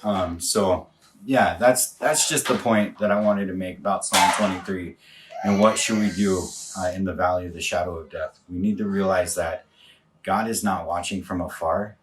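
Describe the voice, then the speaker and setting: Low-voiced pastor leading a reflective devotion. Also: male voice, fairly even intonation, far from the mic, background noise. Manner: halting, reflective, many fillers and restarts. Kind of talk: live-streamed morning devotion.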